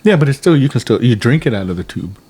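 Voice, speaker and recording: A young American man co-hosts a podcast, chatting casually over drinks in a rambling way, with many restarts and animated, acted-out quotes. His voice is husky and medium-pitched, and he talks fast.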